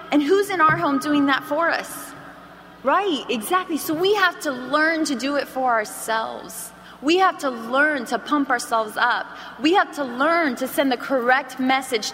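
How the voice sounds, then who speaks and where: A woman with a bright, somewhat high voice leads an animated sales training on stage. Her words ring out with a long hall reverb over faint background noise. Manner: energetic, animated, acts out phone calls. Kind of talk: motivational training talk to an audience. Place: large hall with an audience.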